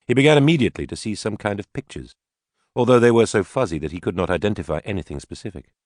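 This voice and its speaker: Deep-voiced male audiobook narrator. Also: animated, fast talker, no echo, clean studio sound.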